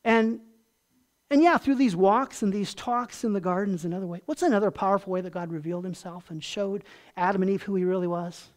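Pastor preaching, folksy and earnest, goes soft and low on the tender bits, middle pitch. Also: a little fast. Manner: folksy and conversational, asks the congregation questions. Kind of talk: sermon.

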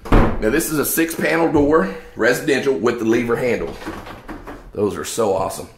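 Salesman guy touring a house, all hyped up, normal pitch, bouncing around empty echoey rooms. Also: normal speed, noisy background. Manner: excited, exclamatory, salesy. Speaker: home salesman. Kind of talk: enthusiastic home walkthrough tour. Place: inside an empty house, room to room. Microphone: handheld 360 camera.

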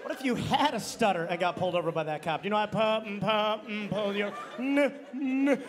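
A man's voice: high voice, fairly quick, crowd noise, lightly acted. A comedian acting out a stuttering male sheriff's deputy who keeps repeating syllables. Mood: flustered. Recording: live audience, clear background noise.

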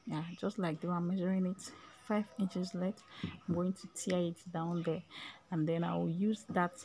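A woman's voice: lowish voice, level tone, normal speed, mellow, slight background noise. A woman giving a casual step-by-step sewing tutorial, chatty and often checking in with "okay?", her voice breaking into a whisper at times.

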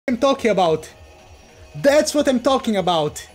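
A man streaming live reaction commentary, excitable, swinging from hype shouts to low mutters. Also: measured pace, soft background music.

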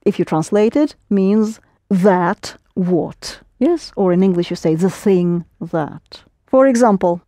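A woman's voice: mid-range voice, dark tone, no echo, clean studio sound. A woman teaching a language lesson, explaining patiently step by step and prompting her students.

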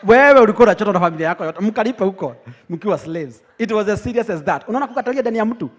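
A young Kenyan man preaching a teaching sermon, lively and teasing, laughing often with his congregation. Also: sits high, rapid-fire. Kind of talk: teaching sermon, mixing English and Swahili.

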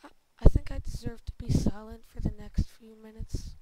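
A woman's voice: on the high side, fairly even intonation, normal speed. A woman doing gameplay commentary, cursing a lot and stammering through restarts in frustration. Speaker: gamer. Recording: loud background noise with clicks.

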